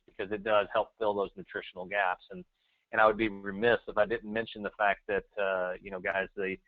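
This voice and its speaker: A man's voice: fairly low pitch, no echo. A man co-hosting a webinar, speaking hesitantly with many fillers. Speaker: webinar co-host. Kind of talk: webinar talk. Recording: tinny phone-line audio.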